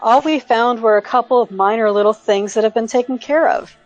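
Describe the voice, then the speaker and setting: A woman player speaking in character in a halting, reassuring way. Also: a little high, no echo, highs cut off, faint music behind. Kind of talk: in-character role-play.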